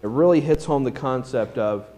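A man's voice: mid-range voice, normal speed, mellow, poor audio. A male pastor preaching a sermon in a plain-spoken, self-deprecating storytelling manner.

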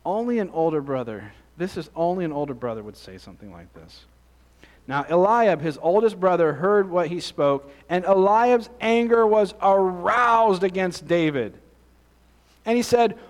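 A man's voice: sits high, animated, measured pace. A man preaching a conversational Bible-teaching sermon, reading scripture and asking the congregation questions.

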